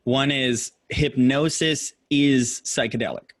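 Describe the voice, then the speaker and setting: A man co-hosting a podcast as a hypnotist, speaking in a thoughtful, measured way and sharing quotes. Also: mid-range voice, fairly even intonation. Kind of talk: casual conversation.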